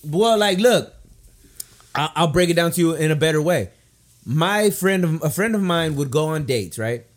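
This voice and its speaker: A young man with a slightly high voice hosts a loose, profane podcast chat. He tells stories at length and sinks into a hushed, confiding tone to make his point. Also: lively intonation, normal speed. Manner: profane, storytelling, drops to a low confiding tone. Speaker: podcast host.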